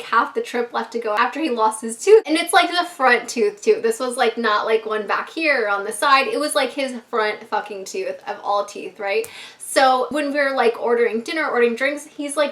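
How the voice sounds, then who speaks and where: A young woman vlogger chats through a story in a high voice. She talks casually to her viewers, with lots of fillers and swearing. Her voice sounds a little distant from the mic. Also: moderate pace, a bit bright. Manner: chatty, lots of 'like' and swearing, addresses viewers as 'you guys'.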